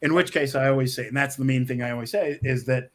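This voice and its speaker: Quick-paced and medium in pitch, a middle-aged man tells stories as a screenwriter guest in a conversational video-call interview from his office. He's animated, restarts sentences often, and laughs frequently.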